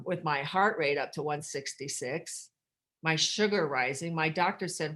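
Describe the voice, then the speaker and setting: A middle-aged American woman speaking at a recovery workshop, telling her own story in a candid, rambling way with dark humor and many restarts. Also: lowish voice, expressive, normal speed. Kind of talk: personal storytelling share.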